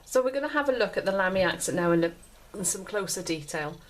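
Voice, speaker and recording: A British woman hosts a pen review show, chatting casually while she describes the pen and often repeating and restarting her phrases. Her mid-range voice is expressive and fast, with a little hiss or hum in the audio.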